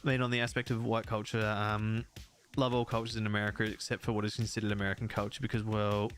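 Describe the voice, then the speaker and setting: A man's voice: on the low side, flat delivery, fast, fairly bright tone, soft background music. An Australian man in his thirties, chatting and rambling casually while he plays a game, laughing often. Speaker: gaming streamer. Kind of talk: casual chat while playing.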